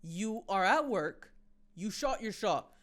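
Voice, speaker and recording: A woman's voice: medium pitch, animated, slow. Playful woman comedian hosting a podcast. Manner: playful storyteller, building bits. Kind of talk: casual comedy podcast chat.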